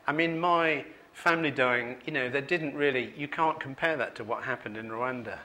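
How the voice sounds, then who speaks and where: A middle-aged man gives a personal testimony sermon at a meeting. His voice is bright and forceful at a middling pitch. He tells his story earnestly and turns soft and low when he speaks of grief. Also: moderate pace, hardly any pauses. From Manchester, England. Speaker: preacher. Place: meeting hall.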